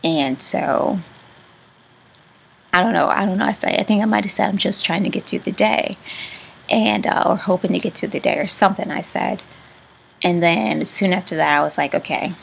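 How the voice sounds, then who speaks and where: A woman vlogger telling a personal story in a halting way, with words that often trail off into a soft whisper. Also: medium pitch, gravelly, a little hiss or hum, rough recording. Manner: halting, with many restarts and fillers.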